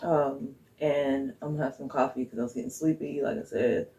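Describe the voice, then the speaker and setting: A woman's voice: rumbling low, steady tone, brisk, mellow, rough recording. A woman chatting casually to her viewers in her home kitchen, rambling as she thinks aloud and chuckling often. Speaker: vlogger. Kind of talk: casual vlog chat to viewers.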